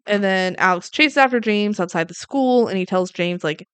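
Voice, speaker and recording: A woman co-hosting a podcast, casually recapping a movie scene by scene and acting out the characters' lines with quick laughs. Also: mid-range voice, clear, resonant tone, no echo. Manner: animated retelling, acting out quoted lines, laughing. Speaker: podcast co-host.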